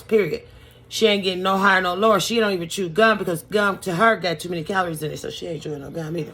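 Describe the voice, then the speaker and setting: A woman's voice: lowish voice, fast, a bit bright, slightly rough. A woman beauty vlogger telling a story in a casual, chatty, sassy and colloquial way while she does her makeup.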